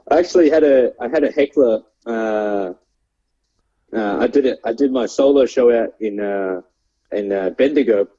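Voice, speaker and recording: Young aussie comic guy rambling and laughing, dark husky voice, kinda muffled lo-fi audio. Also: mid-range voice, moderate pace. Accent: Australian. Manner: laughing often, rambling with many fillers. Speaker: stand-up comedian guest. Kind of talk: casual storytelling chat. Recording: dull lo-fi sound.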